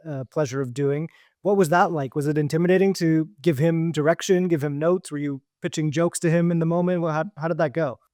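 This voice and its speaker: A man hosts a podcast interview, winding through careful questions full of fillers. His voice is a touch high, and the recording is dry, with no room sound. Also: a little mellow, no room sound. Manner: thoughtful, hedging with fillers. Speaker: podcast host.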